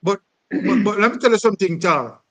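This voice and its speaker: A man hosting a live-stream commentary, his voice pitched very high for a man. He talks with emphasis, sprinkles in "um" fillers, and often calls on his co-host and the chat. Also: animated, fast talker, a bit bright.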